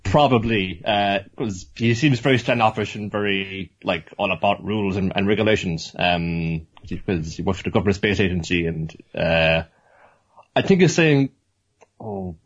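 Male co-host, low husky voice, rambling jokey chat, dull lo-fi recording. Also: moderate pace. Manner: rambling, joking, sweary. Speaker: podcast co-host. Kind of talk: casual chat. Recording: dull lo-fi sound.

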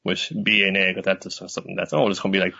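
A man's voice: deep voice, flat delivery, rapid-fire, vocal fry, bright, forceful tone, slightly rough. Man, podcast host, casual rambling chat, swears a lot, dull lo-fi audio. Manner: rambling, full of fillers, swearing, laughing. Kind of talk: casual chat recapping a cartoon.

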